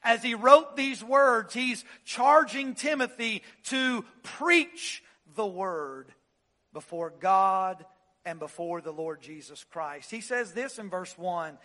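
A man preaching an expository sermon, with dramatic swings from loud emphasis down to hushed, low phrases. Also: lively intonation, slow pace. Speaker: pastor. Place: church sanctuary.

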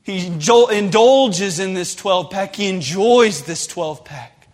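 A man preaching a sermon, passionate and rising to shouted pleas. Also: sits high, animated, measured pace. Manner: impassioned, builds to shouted pleas. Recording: long hall reverb.

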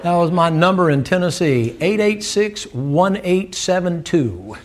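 A man's voice: fairly high pitch, moderate pace. An older man preaching a sermon, telling a folksy story, laughing and acting out the dialogue.

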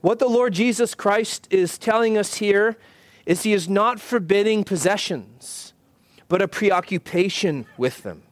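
Man preaching, earnest and measured, fairly high voice, dry close sound. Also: no echo. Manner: earnest, measured preaching with emphatic slowed phrases. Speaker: pastor. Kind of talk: sermon. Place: church.

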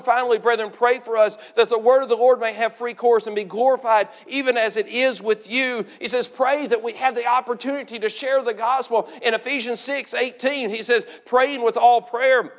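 A man preaching an earnest sermon, often repeating words and slowing down to stress key phrases. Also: extremely high pitch, big-room sound. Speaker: pastor.

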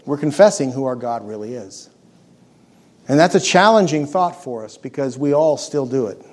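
A man preaching a sermon, earnest and emphatic, letting his voice sink low and soft on key words. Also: expressive, normal speed. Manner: earnest, emphatic preaching with dramatic drops in volume; acts out scripture quotes in character voices.

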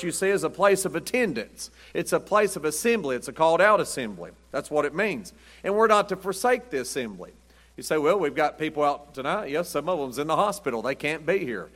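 A man's voice: fairly high pitch, very animated, brisk, fairly bright tone. A man, preaching a folksy Wednesday night sermon as pastor, chuckling as he tells down-home stories. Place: church sanctuary. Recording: church sanctuary with long reverb.

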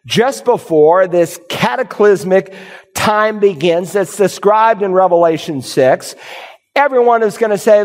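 A man preaching a sermon as pastor, animated and storytelling, sometimes acting out confused churchgoers. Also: sits high, unhurried. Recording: long hall reverb.

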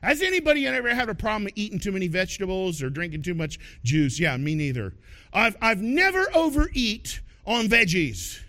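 A male pastor preaching a sermon through folksy, animated storytelling, shouting out points for emphasis. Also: sits high, brisk.

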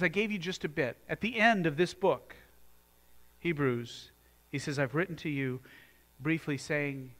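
A man preaching a sermon as pastor, moving from quiet, earnest talk to loud, fired-up exhortation. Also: high-pitched.

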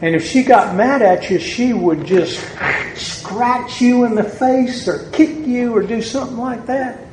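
A man with a Southern US accent preaching a sermon to a congregation in a church, deliberate and building to emphatic peaks. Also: extremely high pitch, darkish tone, a little hiss or hum. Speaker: pastor. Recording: echoey church room with faint ambience.

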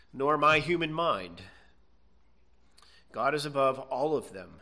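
Bright-voiced pastor preaching. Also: male voice, a little high. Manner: earnest, emphatic, with drawn-out stresses and "okay?" checks. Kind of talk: sermon.

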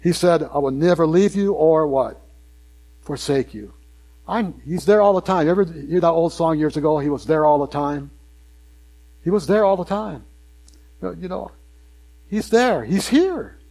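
A man's voice: a little high, animated, normal speed, pauses often, warm tone. An older man preaching a sermon to a congregation in a conversational way, repeating phrases and asking the listeners questions.

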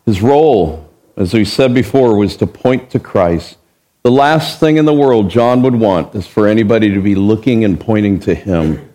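A man's voice: on the low side, expressive, moderate pace, dark tone. A man preaching an expository Bible sermon as pastor. He is emphatic, asks the listeners rhetorical questions and acts out the verses he quotes.

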